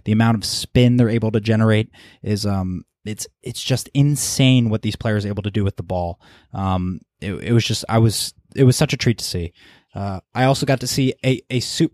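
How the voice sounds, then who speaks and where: A man's voice: mid-range voice, a little mellow, dry recording, clean studio sound. A man hosting a podcast, talking casually and rambling with lots of ums and restarts. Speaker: podcast host. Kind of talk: casual chat.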